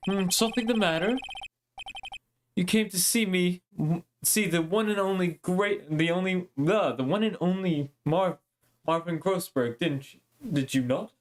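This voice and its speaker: A man's voice: high-pitched, a little slow, voice pushed up. A man voicing a pompous older male lawyer who talks down to the young man he speaks to. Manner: self-important, talks down, calls others boy and son.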